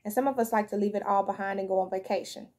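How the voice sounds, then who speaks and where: A woman's voice: mid-range voice, steady tone, rapid-fire, darkish tone. A woman giving a casual spoken tarot reading, talking frankly and conversationally and often asking "you know what I'm saying.". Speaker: tarot reader.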